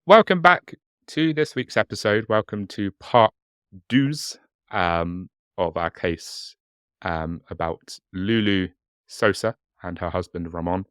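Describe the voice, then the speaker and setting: Laid-back, bright-voiced English man. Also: sits low, lively intonation, takes it slowly, clean tone, dry recording, clean studio sound. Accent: southern English. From England. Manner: jokey, laughs often. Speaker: podcast co-host. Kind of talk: casual chat.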